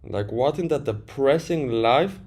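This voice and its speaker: A man's voice: medium pitch, lively intonation, measured pace, a little mellow, breathy edge. A man chatting casually on a livestream, reading out viewer comments and answering them bluntly, with casual swearing. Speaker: livestream trader.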